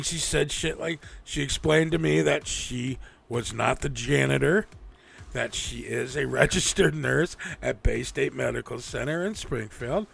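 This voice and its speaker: Gravelly, profane livestream host man. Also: fairly high pitch, a bit bright. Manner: rambling and profane, with frequent restarts. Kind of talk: casual livestream chat.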